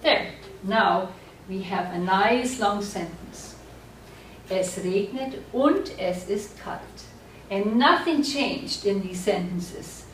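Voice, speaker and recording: A woman teaching a German class, explaining slowly and patiently and often checking that the students follow. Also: mid-range voice, expressive, slight background noise. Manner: slow, patient explaining with frequent check-ins. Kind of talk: classroom lecture at a board. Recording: echoey room, voice from far off.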